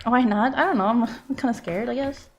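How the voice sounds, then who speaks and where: Chatty woman streamer, higher voice. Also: brisk. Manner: chatty, reads out and answers viewer messages. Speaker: game streamer. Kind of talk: casual live-stream chat while playing.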